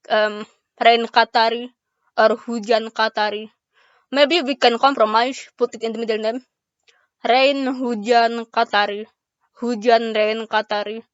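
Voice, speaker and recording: A woman's voice: fairly high pitch, dry recording, highs cut off. A young woman from Indonesia chatting casually to camera as an author and vlogger, musing aloud and spelling words out letter by letter. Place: bedroom.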